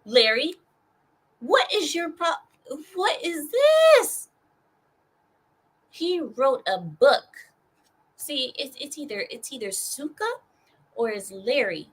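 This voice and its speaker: A woman's voice: high-pitched, expressive, slow, long pauses, slightly rough, rough recording. Sarcastic ranting young woman streamer. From California. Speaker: streamer and host. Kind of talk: ranting news commentary.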